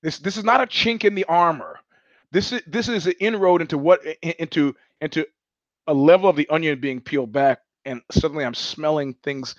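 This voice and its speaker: A man talks alone into his podcast mic in a slightly high voice, winding through digressions and putting on the lines of the characters he describes. The sound is dry, with no room echo, and a little dull. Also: a little fast. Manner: animated, digressive storyteller who acts out quotes. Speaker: podcast host. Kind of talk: solo monologue about film. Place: home room.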